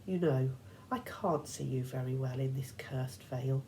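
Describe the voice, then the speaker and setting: A woman voicing a soothing old female monster posing as a kindly grandmother, with a soft, coaxing purr. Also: very deep voice, unhurried, a little hiss or hum, low-quality recording. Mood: sweetly coaxing.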